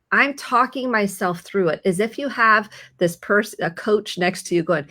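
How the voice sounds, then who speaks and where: A middle-aged woman therapist giving calm, reassuring advice in conversation, slowing down as she coaches. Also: lowish voice.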